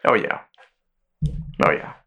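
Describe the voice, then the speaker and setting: A man's voice: takes it slowly, sharp tone. A man hosting a podcast in casual chat, loosely retelling a show's plot with plenty of swearing. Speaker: podcast host.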